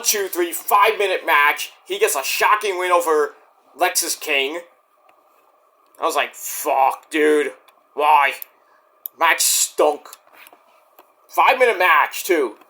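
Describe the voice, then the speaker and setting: A man's voice: a little high, pushed and bright. A man casually recapping and reviewing a wrestling show, chatty and profane, acting out the wrestlers' lines as he goes. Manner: profane, chatty, acts out quotes.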